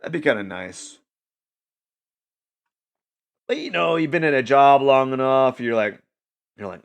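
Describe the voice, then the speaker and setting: Gravelly, lively man rambling to camera. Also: medium pitch, a little slow, pauses often. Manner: restless, repeats words, slips into mock voices. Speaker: YouTube vlogger. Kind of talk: rambling casual monologue.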